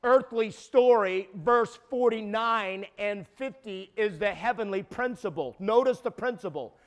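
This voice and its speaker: Brief: man around 60, preacher, high-pitched, stammering repeats, builds to shouts. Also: unhurried, highs cut off. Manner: emphatic, repeats words, rises to shouting peaks. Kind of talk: sermon.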